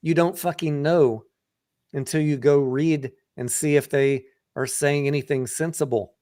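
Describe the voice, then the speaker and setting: A man's voice: a little high, fairly even intonation, a little slow, a little mellow. A man hosting a casual livestream and walking through a company's financials in a blunt, profane, conversational way. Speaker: livestream host and stock trader.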